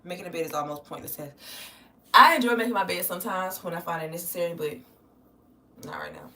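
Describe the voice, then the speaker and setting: A woman's voice: on the low side, sing-song, fast, sharp tone, far from the mic, a little hiss or hum. An American woman chatting loosely with her live-stream viewers from home and swearing casually. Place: home, moving about the room. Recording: roomy sound, voice off the mic.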